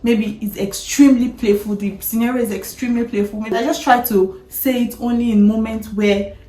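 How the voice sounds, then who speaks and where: A woman's voice: on the high side, fairly even intonation, a little fast, mellow, soft background music. A woman in her thirties with a Nigerian accent, chatting candidly to camera as a vlogger, talking with frequent laughs and restarts. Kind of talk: candid personal chat to camera. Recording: echoey room.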